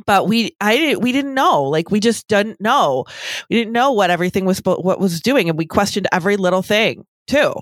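A middle-aged woman who works as a lactation consultant, co-hosting a casual talk show with animated, exasperated chat. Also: mid-range voice, moderate pace, no room sound, low-quality recording. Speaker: podcast co-host, lactation consultant.

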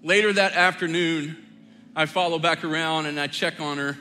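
A middle-aged man preaching a sermon as pastor, telling family stories in a relaxed, joking, conversational way. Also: on the high side, normal speed, soft background music. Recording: long hall reverb.

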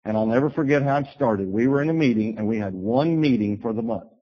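A man preaching a sermon, telling a personal story and acting out his own words with animated bursts. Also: medium pitch, quick pace. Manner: storytelling, animated bursts when quoting himself. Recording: dull lo-fi recording.

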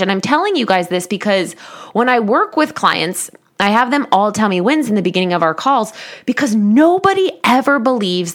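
A woman's voice: medium pitch, fairly bright tone. A woman in her thirties, a coach, candidly telling listeners a personal story in a self-deprecating way. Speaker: life coach.

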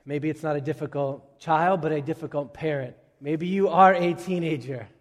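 Male pastor, slightly high-pitched, casual story-driven sermon delivery, long church-hall reverb. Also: moderate pace. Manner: conversational, humorous storytelling with acted-out quotes.

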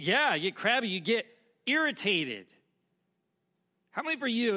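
A male pastor delivers a sermon with a high-pitched voice. His tone is bright and forward, and he talks in a loose, conversational way, turning to the congregation with questions and side comments as he tells a story.

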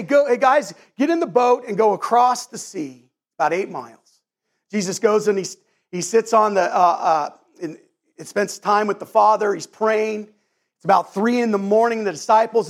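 A male pastor delivers a sermon in a fairly high voice. He speaks earnestly, often stumbling and restarting his phrases as he gathers his thoughts. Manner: earnest, halting with many restarts and repeated words.

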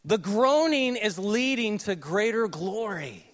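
A man preaching a sermon with a Southern US accent, joking with the congregation, then dropping to a hushed, slow delivery. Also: high-pitched. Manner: animated, jokey asides, shifts between loud and hushed delivery. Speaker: pastor.

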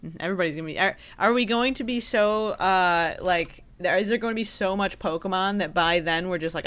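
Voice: mid-range voice, brisk, few pauses, fairly bright tone. A podcast co-host chatting casually, upbeat and enthusiastic, with casual slang. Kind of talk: casual chat.

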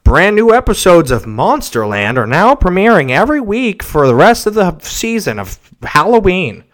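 A man's voice: very animated, a bit bright. A man hamming up a spooky, squealing ad announcer. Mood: spooky hype. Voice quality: high, drawn-out, theatrical. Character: cheesy spooky-voiced male podcast ad announcer. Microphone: cheap mic without pop filter.

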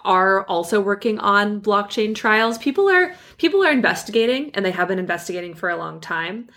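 A woman in her thirties co-hosting a podcast, explaining in a relaxed, plain way and laughing easily. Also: medium pitch, fairly quick. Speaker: podcast co-host, crypto analyst. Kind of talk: casual expert chat.

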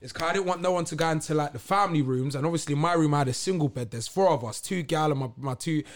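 A man's voice: a little high, racing. A young man with a London accent telling a frank story in a casual podcast chat, often checking that his listeners follow. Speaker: podcast guest.

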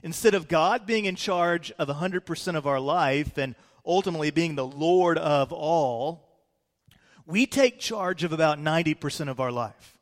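A pastor preaching in a relaxed, storytelling way, dropping casual asides as he goes. His voice sits on the higher side for a man. It carries a long reverb, as from a church hall. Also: moderate pace. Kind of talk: sermon.

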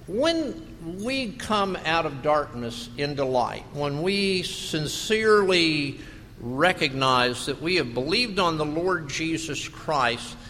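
Male pastor, slow deliberate delivery, bright forceful tone, big church reverb. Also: on the high side, slight background noise. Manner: slow, emphatic preaching with rhetorical questions. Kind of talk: sermon.

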